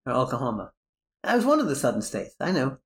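A man's voice: medium pitch, huge pitch swings, fast. A podcast host with a New York accent, chatting casually, rambling and joking as he keeps correcting himself. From New Jersey, US.

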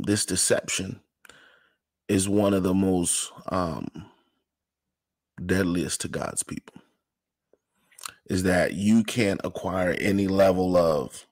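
On a livestream, a man talks loosely about faith and success in a casual inspirational style, packing in "you know"s and sometimes dropping to a whisper. His voice sits low, with no echo.

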